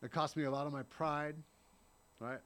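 A man's voice: on the high side, steady tone, moderate pace, fairly bright tone. A man in his thirties giving an earnest, blunt personal recovery share at a meeting, often tagging his lines with "right?" and swearing now and then. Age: 30s.

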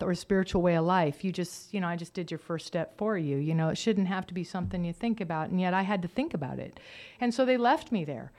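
A woman telling her own recovery story to a group, candidly, acting out the voices of the people in it. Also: medium pitch. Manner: candid storytelling, acts out quoted relatives. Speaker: recovery speaker. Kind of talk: personal testimony talk.

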